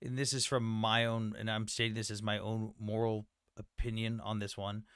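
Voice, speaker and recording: A man's voice: on the low side, flat delivery, normal speed, a bit bright, smooth, dry recording, studio quality. A man hosting a livestream debate in casual chat, blunt and jokey, swearing freely.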